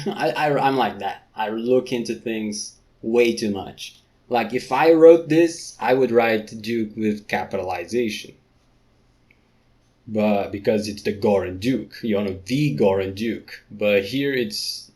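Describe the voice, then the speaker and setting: A man's voice: medium pitch, a little mellow. A man casually reading a book aloud and breaking off into joking, sweary asides. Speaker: reader.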